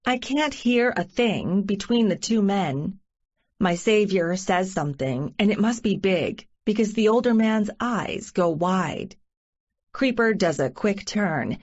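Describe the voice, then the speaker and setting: A woman reads a first-person romance audiobook at an unhurried, deliberate pace. Her narration has a measured, inner-monologue tone. The recording sounds somewhat dull and lo-fi. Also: medium pitch, darkish tone. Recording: muffled lo-fi recording.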